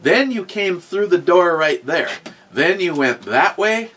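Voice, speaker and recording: A man's voice: high-pitched, animated, unhurried, fairly bright tone. A man hosting a casual podcast, rambling through a story with many restarts and fillers, and reading out chat comments. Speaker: podcast host.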